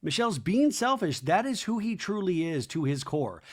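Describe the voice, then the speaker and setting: A man hosting a podcast, recapping reality TV in an animated, gossipy way and swearing. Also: sits high, normal speed. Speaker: podcast host.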